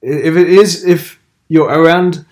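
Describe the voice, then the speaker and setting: A man's voice: on the high side, unhurried, darkish tone. A young man co-hosting a podcast in casual chat, teasing his co-host and repeating his points.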